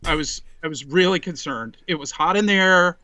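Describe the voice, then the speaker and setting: A man in his forties, a podcast guest, telling an animated, rambling story in casual chat, full of restarts. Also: on the high side, moderate pace, no echo, lo-fi sound.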